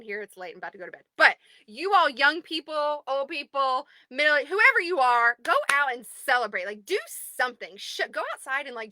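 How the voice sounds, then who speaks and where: A woman in her thirties, the owner of an online group, chatting excitedly on a livestream from home and greeting viewers by name. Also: high-pitched, dry recording. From United States. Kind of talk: casual livestream chat.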